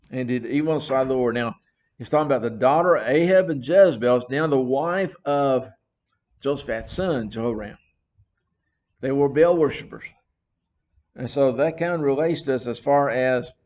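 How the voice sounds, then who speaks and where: Male Bible study teacher, slightly raised pitch, chatty retelling with restarts. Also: darkish tone. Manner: retells scripture in plain words, with frequent restarts and fillers.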